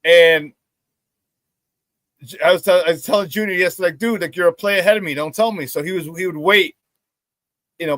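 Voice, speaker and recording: A man hosting a casual sports talk show, telling stories excitedly with many restarts and repeated words. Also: high-pitched, dry recording.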